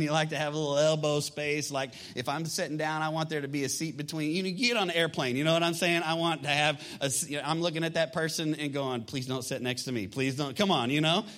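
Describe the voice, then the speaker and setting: High, bright-voiced pastor preaching. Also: male voice. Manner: energetic, emphatic, rhetorical questions to the congregation. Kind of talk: sermon. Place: church sanctuary.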